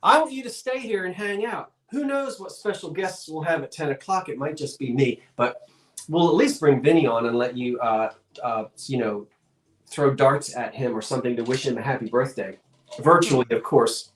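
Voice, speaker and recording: A man's voice: mid-range voice, normal speed, echoey room. Chatty man hosting a live sale. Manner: chatty and folksy, rambling asides. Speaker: live online auction seller. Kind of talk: live-streamed sale, casual chat.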